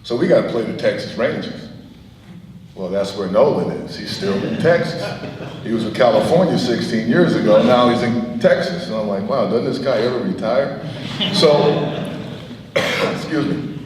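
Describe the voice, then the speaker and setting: A man's voice: medium pitch, normal speed, distant mic, noisy background. Middle-aged man telling stories in an echoey hall. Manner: animated anecdotes, chuckles often. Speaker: guest speaker. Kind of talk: storytelling speech. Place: event hall.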